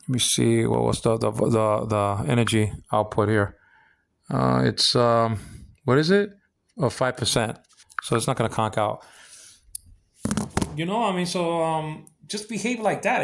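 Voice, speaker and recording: A man's voice: medium pitch, animated, moderate pace, vocal fry. A man ranting in a rambling personal monologue, stumbling over repeated words and complaining indignantly. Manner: rambling, repetitive, stammering restarts. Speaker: vlogger.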